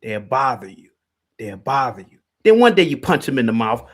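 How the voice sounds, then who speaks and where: With a mid-range, sing-song voice at normal speed, a livestream host rants during a heated call-in stream. He taunts and confronts callers, hammering the same points again and again.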